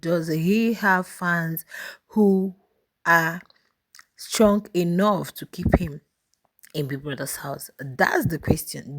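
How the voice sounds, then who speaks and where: A woman's voice: medium pitch, dry recording. A woman with a South African accent hosting a YouTube channel, chatting casually to viewers about reality show voting polls. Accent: South African English. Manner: chatty, direct address to viewers. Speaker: YouTube host.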